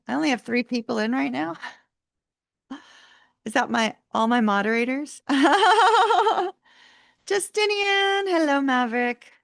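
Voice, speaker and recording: A woman's voice: a little high, creaky, no echo, studio quality. A woman hosting a live tarot stream, chatting casually with viewers, laughing often and sounding sleepy and yawning. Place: warm room at home.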